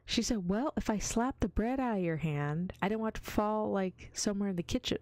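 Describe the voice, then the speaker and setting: A young woman vtuber streams a whispered role-play, telling stories in a chatty, giggly way that slips into whispers. Her medium-pitched voice is a little mellow and a little fast, with no echo.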